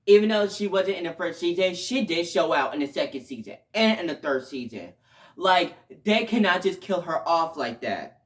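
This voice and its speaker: A man giving a casual video review, talking emotionally and rambling, with sudden loud outbursts between quieter stretches. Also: a little high. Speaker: show reviewer.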